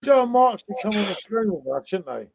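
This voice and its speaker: A man's voice: high voice, very animated, brisk, gravelly. A man hosting a live beer review stream, chatting jokily with viewers and calling everyone mate. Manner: jokey, matey. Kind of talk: casual live-stream chat. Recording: lo-fi dull live-stream audio.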